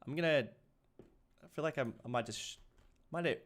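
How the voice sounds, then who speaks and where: A man's voice: mid-range voice, normal speed, fairly bright tone. Chatty Australian man streaming. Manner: chatty, laughing, many restarts. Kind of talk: casual livestream chat.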